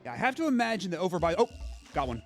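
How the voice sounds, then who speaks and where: A man's voice: high voice, sing-song. Guy streaming a game, chatty running commentary, faint game music under it. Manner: chatty, thinking aloud, quick asides. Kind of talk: casual gameplay commentary.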